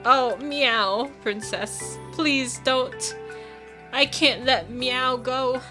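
A woman's voice: sits high, drawn-out words, sharp tone, faint music behind, pitched above the performer's own voice, heavily acted. Woman doing a cutesy worried cat. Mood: tearful. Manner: cutesy baby-talk, mew for you. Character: small worried talking cat, devoted and tearful. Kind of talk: reading game dialogue aloud.

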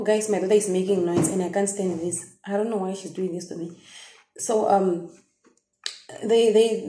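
A woman's voice: mid-range voice, dark tone. Emotional Namibian woman telling a story. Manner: emotional, halting, many restarts and fillers. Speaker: vlogger. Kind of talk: personal storytelling to viewers. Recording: echoey room.

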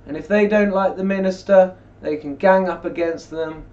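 A religious video blogger with a high voice and darkish tone speaks at normal speed, seated indoors. He chats casually and reads scripture aloud in a rambling, conversational way. The mic is distant and the sound dull and lo-fi.

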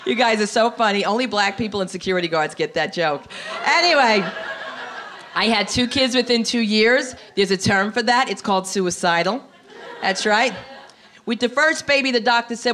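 Brash stand-up comedienne on a stage. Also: female voice, mid-range voice, normal speed, a bit bright. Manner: brash, punchy delivery. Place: theater stage.

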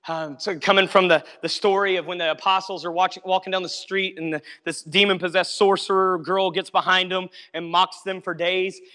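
A man's voice: sits high, little pitch movement, brisk, few pauses, sharp tone, clean tone. A male pastor preaching a sermon, emphatic and repetitive, often calling out to the congregation to listen. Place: church sanctuary. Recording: long hall reverb.

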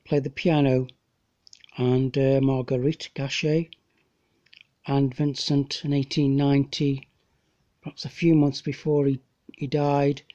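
A man's voice: on the high side, dark tone. A man talking about paintings in a casual, rambling way, often stopping to hesitate and correct himself. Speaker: amateur painter presenting his copies. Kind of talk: casual narrated slideshow. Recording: dull lo-fi home recording.

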